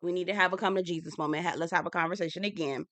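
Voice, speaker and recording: A young woman giving a sassy, animated casual recap of a reality TV episode. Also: lowish voice, very fast, dry recording. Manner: sassy, animated, acts out quoted lines. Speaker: TV recap reviewer.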